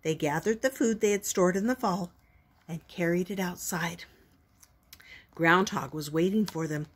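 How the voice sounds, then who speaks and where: An older woman reading a picture book aloud as a storytelling grandmother, gentle and expressive. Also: fairly low pitch, measured pace, slightly rough.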